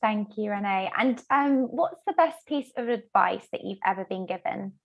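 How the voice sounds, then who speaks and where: Moderator: woman, mid-range voice, brisk and organized. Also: medium pitch, lively intonation, vocal fry. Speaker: panel moderator. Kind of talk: hosting an online panel.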